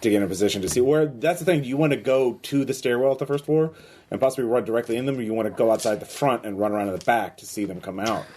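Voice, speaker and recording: A man's voice: mid-range voice, very fast, slight background noise. A man running a tabletop game as game master, talking loosely with many fillers and frequent laughs. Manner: lively, laughs often, lots of fillers.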